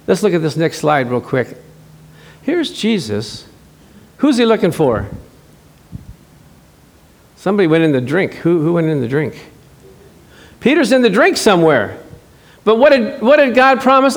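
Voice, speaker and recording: A man with a high voice preaches a sermon in a relaxed, conversational way. He draws words out slowly when he stresses scripture and slips into brief back-and-forth dialogues to make a point. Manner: animated, acts out short dialogues. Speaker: pastor.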